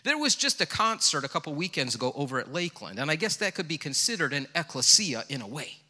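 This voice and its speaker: A middle-aged male pastor delivers his sermon like a conversation, slipping into self-deprecating stories. His voice is bright and forceful, and it rings with the long reverb of a church hall. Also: a little high, sing-song, quick pace. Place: church sanctuary.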